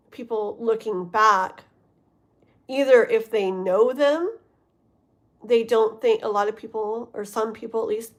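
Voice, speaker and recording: A woman's voice: medium pitch, creaky. A woman giving a livestream tarot reading, rambling and often checking in with her listeners. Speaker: tarot reader.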